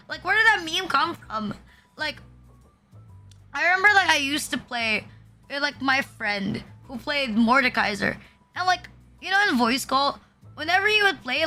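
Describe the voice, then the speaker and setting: High, bright young woman streamer. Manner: rambling, swearing, self-interrupting. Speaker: VTuber streamer. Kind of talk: casual stream chatter.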